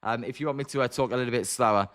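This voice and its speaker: A young man with a British accent, hosting a live stream where he comments on a game and answers chat in a quick, chatty way. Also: mid-range voice, fairly bright tone. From Britain. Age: young adult. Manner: fast-talking, chatty. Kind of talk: live watch-along commentary and chat replies.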